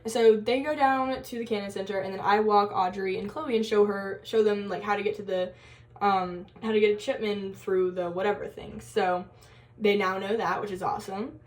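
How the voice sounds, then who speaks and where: A woman's voice: mid-range voice, fairly even intonation, moderate pace. A young woman telling a story in a casual college vlog, chatty and giggly, full of fillers and quoted asides. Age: young adult. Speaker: college vlogger.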